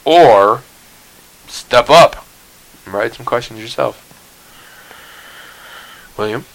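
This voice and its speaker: A man's voice: medium pitch, slow pace, poor audio. A man hosting a casual podcast, rambling and sarcastic, swearing freely and laughing at his own jokes. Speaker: podcast host.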